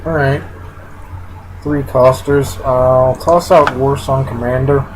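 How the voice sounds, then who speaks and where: A man's voice: mid-range voice, steady tone, slow, background noise. A man giving casual, unscripted commentary while playing a card game, thinking aloud and sometimes talking with his mouth full. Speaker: gameplay commentator.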